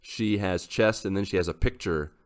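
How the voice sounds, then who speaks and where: A man co-hosting a casual podcast, telling a long rambling story in a lively way. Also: low voice, moderate pace, clean tone. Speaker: podcast host.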